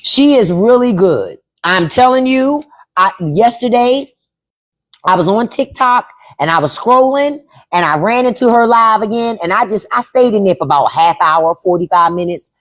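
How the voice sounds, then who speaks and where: Blunt, lively-voiced woman livestreamer. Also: mid-range voice. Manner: blunt, profane, repeats herself for emphasis; reads out chat and spells names. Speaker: podcast host. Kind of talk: casual live-stream chat.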